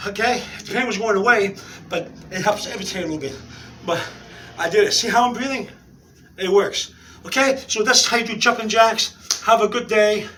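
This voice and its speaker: A man demonstrating an exercise while out of breath, giving halting, repetitive instructions and often checking in with "okay?" in an indoor room. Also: high voice, fairly bright tone, recorded from a distance, slight background noise. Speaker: exercise video maker.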